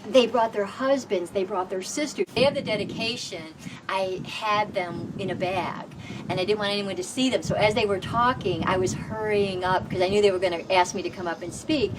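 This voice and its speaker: A woman recounts her own story with lively, expressive delivery, her pitch sitting in an ordinary middle range. She sounds set back from the microphone, outdoors on a porch, with clear background noise under her voice. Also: normal speed. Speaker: housing program homeowner. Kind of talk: personal storytelling. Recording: distant mic with background noise.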